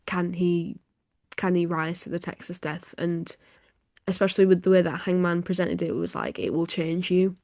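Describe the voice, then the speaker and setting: A woman's voice: fairly low pitch, moderate pace, creaky, a little mellow, no room sound, clean studio sound. A woman co-hosting a podcast, talking in an easygoing, casual way with hesitant fillers. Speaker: podcast co-host. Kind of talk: casual review chat.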